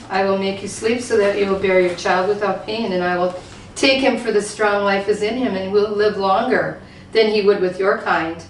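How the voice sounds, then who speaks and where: A woman's voice: mid-range voice, a little hiss or hum, natural voice. Woman reading aloud as a grave, ageless fairy queen in a storybook reading; echoey hall, distant mic. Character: ancient regal fairy woman, calm and solemn. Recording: roomy hall, voice from far off.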